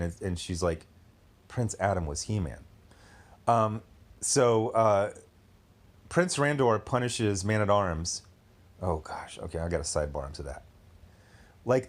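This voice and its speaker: A man gives an opinionated commentary in a blunt, sarcastic way. His pitch rises and falls a lot, and it jumps high whenever he mocks what other people say. His pitch otherwise sits in an ordinary middle range for a man. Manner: blunt, sarcastic, acts out quoted voices. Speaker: video commentator.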